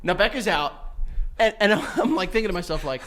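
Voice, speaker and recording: Animated high-voiced man telling a funny story. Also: measured pace, long pauses, a little hiss or hum. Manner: laughs through his own stories, acts out quotes. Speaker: podcast co-host.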